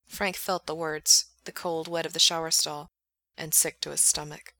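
Low-voiced woman reading a story. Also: flat delivery, normal speed, gravelly, bright, forceful tone, no room sound. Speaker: reader. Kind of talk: audiobook narration of fiction.

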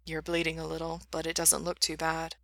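A woman reading a story, voicing a tired, steady young man who is protective and calm. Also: deep voice, brisk, vocal fry, dry recording. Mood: tender.

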